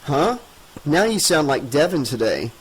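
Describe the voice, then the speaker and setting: A man voicing a calm, caring young boyfriend who speaks in an easygoing, soothing way, a little above his own pitch. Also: unhurried, husky, full character voice, low-quality recording.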